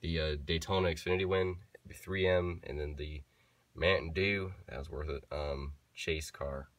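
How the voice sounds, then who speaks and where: Low-voiced young man rambling to camera. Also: steady tone, moderate pace, a bit bright, no room sound. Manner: rambling, self-correcting, joking asides. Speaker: collector showing his diecast cars. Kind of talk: casual chat to camera.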